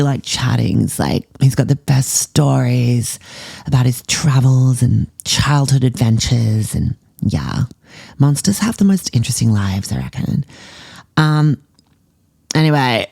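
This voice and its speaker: A man's voice: medium pitch, gravelly, a little mellow, dry recording, studio quality. A man playing a spoiled, self-obsessed teenage girl influencer with an Australian accent, chattering with whiny valley-girl fillers in a comedy podcast. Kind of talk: comedy podcast monologue in character.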